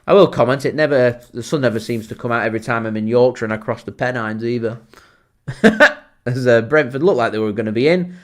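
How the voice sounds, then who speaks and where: A man's voice: medium pitch, quick pace. A man with a Lancashire accent hosting a live football watchalong, chatting at length and answering viewer comments. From Lancashire, England. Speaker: fan channel host.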